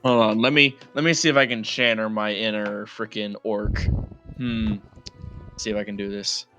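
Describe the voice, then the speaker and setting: A man's voice: on the low side, fairly even intonation, normal speed, over music. A man chatting enthusiastically as a player in a tabletop game's setup session, laughing often. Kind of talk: casual chat before a tabletop game.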